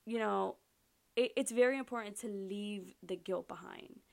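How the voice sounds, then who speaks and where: Earnest woman with gravelly fry. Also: mid-range voice, moderate pace. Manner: earnest, heartfelt, soft-spoken in prayer. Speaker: podcast host. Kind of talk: faith podcast talk and prayer.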